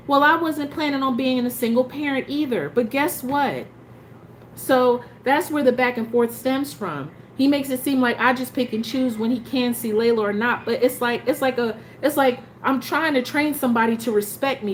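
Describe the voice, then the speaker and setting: A woman's voice: high-pitched, moderate pace, slight background noise. Frustrated woman venting in a vlog. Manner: frustrated, emphatic retelling with many restarts. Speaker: parent telling her story. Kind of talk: casual vlog storytelling.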